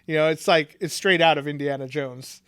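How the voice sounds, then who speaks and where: Podcast dude cracking jokes and cussing, kinda high voice, dead dry sound. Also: male voice, fairly bright tone, clear, resonant tone, no room sound. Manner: swearing, jokey, quick to act out quotes. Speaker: podcast co-host. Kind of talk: casual chat.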